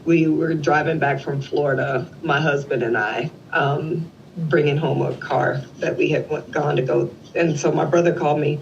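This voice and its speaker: A woman in her forties, a guest in an interview, speaks low at a moderate pace as she tells an emotional family story. An animated storyteller, she acts out the dialogue of the people in it. The recording is slightly dull lo-fi with slight background noise.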